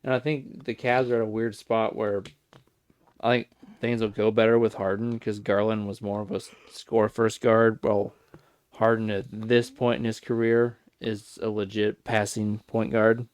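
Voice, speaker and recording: Low-voiced man in easygoing sports chat. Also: flat delivery, moderate pace, clean tone, dry recording. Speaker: podcast co-host.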